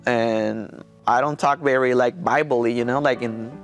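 Mexican man, halting accented English. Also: mid-range voice, steady tone, faint music behind. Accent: Mexican Spanish. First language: Spanish. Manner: halting non-native English with many restarts and fillers. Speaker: pastor. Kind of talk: personal testimony interview.

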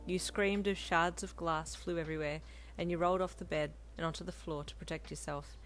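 A woman narrating her own fanfiction in a steady, gentle storytelling voice. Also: lowish voice, a little fast, soft background music. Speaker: fanfiction reader. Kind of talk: scripted narration.

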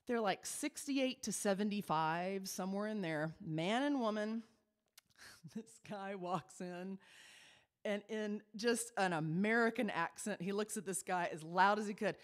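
A woman cabaret performer telling a chatty, animated story on stage. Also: medium pitch. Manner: chatty, animated, quick asides.

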